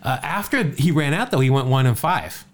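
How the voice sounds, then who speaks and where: A man's voice: mid-range voice, animated, normal speed. Chatty man telling a baseball story. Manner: chatty, jokey, stumbles and repeats words. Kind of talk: casual podcast chat.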